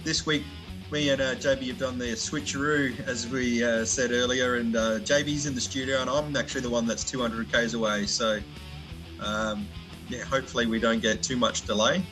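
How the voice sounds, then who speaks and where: A man co-hosting a casual podcast from far away, talking haltingly with many fillers. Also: mid-range voice, fairly even intonation, over music. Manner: halting, many ums and uhs. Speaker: co-host. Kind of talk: casual chat.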